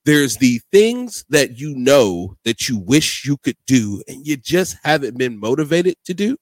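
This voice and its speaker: A man hosting a casual podcast, who tells rambling, animated stories and steers the conversation. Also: medium pitch, measured pace, no room sound. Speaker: podcast host.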